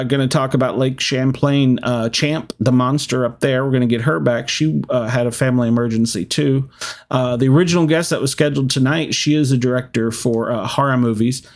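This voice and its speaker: A man hosting a casual live-streamed podcast, rambling and laughing often between thoughts. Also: medium pitch. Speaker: podcast host.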